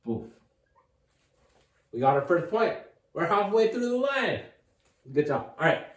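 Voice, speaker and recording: Casual male tutor, upbeat and encouraging, a bit high, recorded from across an echoey room. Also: big pitch swings, measured pace. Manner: upbeat, encouraging, thinks aloud with restarts. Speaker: math tutor. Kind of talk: casual whiteboard math lesson. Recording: echoey room, mic at a distance.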